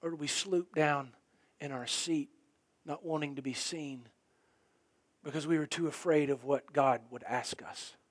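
A middle-aged man preaching a sermon, animated, rising to loud emphasis and dropping to quiet, intense lines. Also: on the high side, measured pace, husky. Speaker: pastor.

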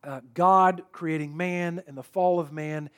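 High-voiced earnest male preacher. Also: steady tone, a little slow. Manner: earnest, emphatic, reads scripture aloud, frequent rhetorical questions. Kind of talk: sermon.

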